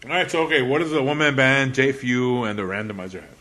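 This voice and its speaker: A man's voice: medium pitch, fairly even intonation, fast, bright, forceful tone. A man co-hosting a casual wrestling podcast, teasing his co-host and laughing often. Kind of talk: casual wrestling predictions chat.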